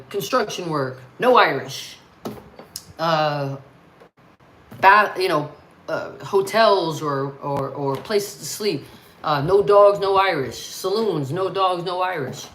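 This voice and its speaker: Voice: mid-range voice, a bit bright, slight background noise, rough recording. An American host talking casually and bluntly on a livestream, ranting with frequent swearing. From United States.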